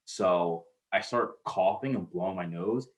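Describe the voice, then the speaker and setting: Casting: man in his thirties, podcast co-host, low voice, rambling storyteller with a loose mouth. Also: a little slow, highs cut off. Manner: rambling storyteller, swears freely, restarts sentences. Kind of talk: casual podcast chat.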